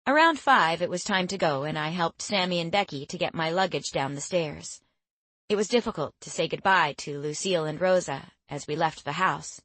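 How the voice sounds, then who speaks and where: A woman reading an audiobook in steady, measured first-person narration. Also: low-pitched, no echo.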